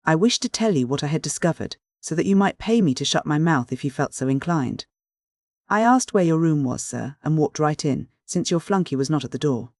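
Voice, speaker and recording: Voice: medium pitch, animated, fairly quick, a little mellow, no room sound, clean studio sound, natural voice. A narrator voicing a cool, defiant American sea captain who speaks with a drawl.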